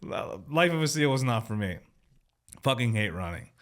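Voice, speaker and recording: A man's voice: mid-range voice, very animated, normal speed. Laid-back man swapping stories. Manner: laid-back, swears freely, laughs along. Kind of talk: casual chat.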